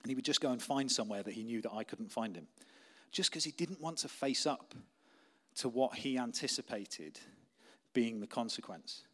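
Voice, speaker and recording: Conversational preacher, plain mid voice. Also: male voice, medium pitch, lively intonation, normal speed. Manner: conversational, anecdotal preaching, softening to quiet intensity. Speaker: pastor. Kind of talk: sermon.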